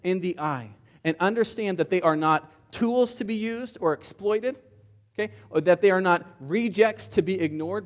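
Fervent preaching man, slightly high voice. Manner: impassioned preaching with frequent word repeats. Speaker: pastor. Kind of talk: sermon.

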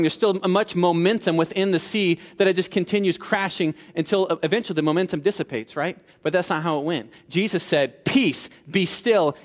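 A man preaching a sermon in a conversational style, building to emphatic peaks and dropping low for asides. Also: in a large hall. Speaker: pastor.

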